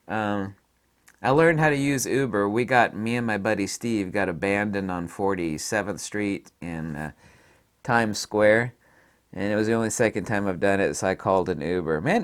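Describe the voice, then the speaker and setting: A man's voice: lowish voice, lively intonation, moderate pace, smooth. A middle-aged man from the American South, telling blunt, casual stories about a trip and laughing at his own punchlines. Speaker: photography vlogger. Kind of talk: casual storytelling.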